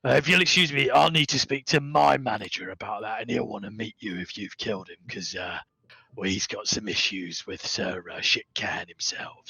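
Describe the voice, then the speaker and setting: Stout goblin bureaucrat voiced by a man, chummy, calls the party lads, bright dry sound. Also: mid-range voice, lively intonation, unhurried, vocal fry, no echo, full character voice. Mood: worried. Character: stout fussy male goblin middle manager.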